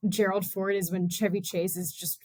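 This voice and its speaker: A woman co-hosting a podcast, chatting in a relaxed, joking way. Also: medium pitch, normal speed, dry recording. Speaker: podcast co-host. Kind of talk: casual chat.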